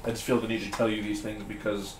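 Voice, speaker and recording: A man's voice: on the low side, quick pace. A young man co-hosting a casual live stream, joking around and reading chat aloud while painting. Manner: animated and jokey, reads chat aloud. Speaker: streamer co-host. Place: studio room being painted. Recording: roomy echo, faint noise.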